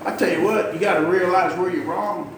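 A man's voice: sits high, fairly even intonation, a little fast. A middle-aged man, preaching a folksy, emphatic sermon and drawing call-and-response from the congregation. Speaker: pastor. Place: church sanctuary. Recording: echoey church from far off, noisy.

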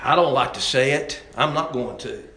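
A man preaching a folksy, impassioned sermon, swinging from loud exhortation to hushed intensity. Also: medium pitch, normal speed. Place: church sanctuary. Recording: very echoey church hall.

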